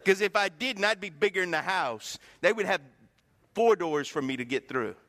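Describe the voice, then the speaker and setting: A middle-aged man preaches a folksy, joking sermon. His voice sits high and bright and swings widely as he acts out the lines of people he quotes. A long hall reverb hangs behind every word. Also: expressive, moderate pace. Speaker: pastor. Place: church sanctuary.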